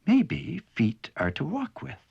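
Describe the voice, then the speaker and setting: A man narrating a children's cartoon story in a playful, animated storytelling way. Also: fairly high pitch, takes it slowly, vocal fry, dull audio, background noise.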